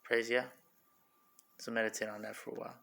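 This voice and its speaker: A man's voice: lowish voice, little pitch movement, brisk, vocal fry, pushed and bright. A man giving a casual spoken religious teaching in a loose, rambling way, with frequent fillers, repeating words over and over to sound them out. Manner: filler-heavy, says like and you know often.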